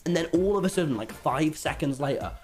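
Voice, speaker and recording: A teenage boy with an English accent narrates a funny story with restless energy, swearing freely and stumbling into restarts. His voice sits a little high and leaps wildly up and down. Music plays clearly underneath him. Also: animated, quick pace, darkish tone. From England. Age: teens. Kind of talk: animated story-time narration. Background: background music.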